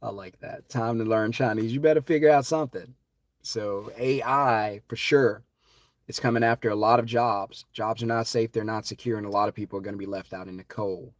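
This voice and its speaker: A man hosting a live stream, talking in an impassioned, preachy way that swings from loud to hushed. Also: fairly low pitch, steady tone, brisk, no echo, studio quality.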